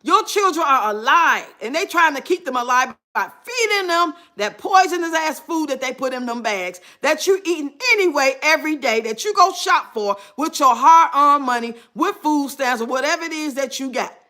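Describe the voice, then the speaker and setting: A woman's voice: high voice, animated, moderate pace, hardly any pauses, sharp tone. A woman giving blunt, sarcastic reaction commentary on a clip. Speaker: commentary streamer.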